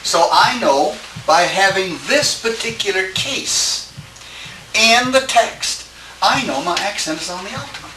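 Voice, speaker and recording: A male teacher lectures a class slowly, pausing and turning statements into questions for his students. His voice is bright and clear. The recording is distant and echoey, with a faint hiss behind it. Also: sits high, lively intonation. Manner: halting, checks with students by asking "isn't it?". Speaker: Greek teacher.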